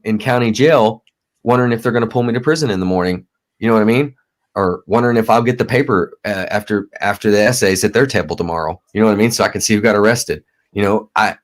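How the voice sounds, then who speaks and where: A man in his thirties in recovery, a guest talking candidly, halting and repeating words and swearing freely. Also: medium pitch. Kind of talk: candid conversation.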